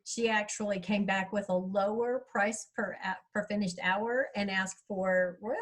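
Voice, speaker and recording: This is a middle-aged woman, an author at a writers' workshop, rambling casually over video call about her audiobook. She has a mid-range voice with a steady tone and measured pace, though the audio is poor.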